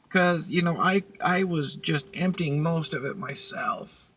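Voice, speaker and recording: A woman's voice: deep voice, big pitch swings, normal speed, gravelly, hardly any pauses, a bit bright. A woman vlogger telling a work story in a blunt, profane, casual way. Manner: blunt, profane, heated retelling.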